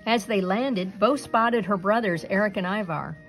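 A woman's voice: mid-range voice, normal speed, faint music behind, poor audio. A woman reading a children's picture book aloud expressively. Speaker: storybook reader.

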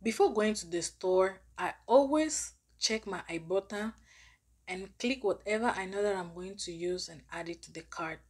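A woman's voice: mid-range voice, moderate pace, slightly rough. A woman giving a step-by-step tutorial on a cashback app for her vlog, explaining plainly. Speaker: finance app reviewer.

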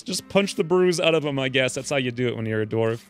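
A man's voice: medium pitch, quick pace, clean tone. A man giving casual, joking commentary over a game, now and then ranting in character as his angry dwarf. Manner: joking, animated, voices his dwarf's rants. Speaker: let's play host.

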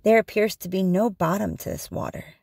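A woman's voice: mid-range voice, a little fast, creaky, darkish tone, no room sound, studio quality. A woman voicing a male loon, a diving bird, speaking plainly and earnestly in a storybook reading.

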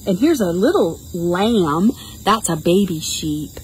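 A woman's voice: mid-range voice, expressive, normal speed, a little mellow, slight background noise, low-quality recording. A woman librarian leading a toddler storytime outdoors, coaxing the children along in a sing-song voice and imitating animal sounds.

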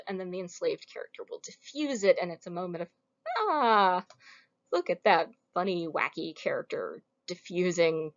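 A woman giving a recorded lecture in a casual, wry, conversational way. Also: medium pitch. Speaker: lecturer on Roman comedy. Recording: muffled lo-fi recording.

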